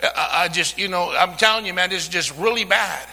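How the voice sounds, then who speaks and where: A man preaching a sermon, using call-and-response, swinging from hushed talk to shouting. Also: sits high, fairly quick, gravelly, long reverb tail. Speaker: pastor.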